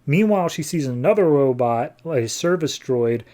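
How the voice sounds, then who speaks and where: With a dark tone and lively intonation in his mid-range voice, a podcast host gives an offhand retelling of a comic book. He leans on lots of fillers and drops in brief mock quotes.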